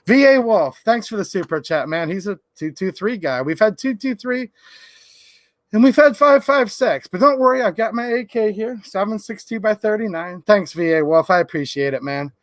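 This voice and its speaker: A man's voice: sits high, animated, moderate pace, no room sound. A man hosting a livestream, talking in a fired-up, emphatic way. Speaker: livestream host. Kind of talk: casual livestream talk.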